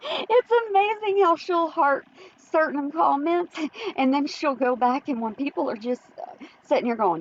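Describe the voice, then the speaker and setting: A woman's voice: high voice, lively intonation, normal speed, vocal fry, highs cut off. A woman hosting an opinion commentary vlog, chatty and teasing, often laughing. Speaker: host.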